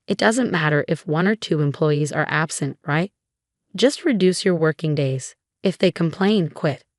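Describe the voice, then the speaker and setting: A woman reading the lines of a cold, demanding husband in a flat, even way. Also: low-pitched, normal speed, no room sound, clean studio sound, natural voice. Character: cold controlling husband, adult man.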